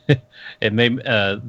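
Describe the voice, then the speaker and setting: A man's voice: medium pitch, fairly even intonation, extremely slow, pushed and bright, no room sound, highs cut off. A man co-hosting a casual podcast, laid-back and joking, trading playful banter. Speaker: podcast co-host.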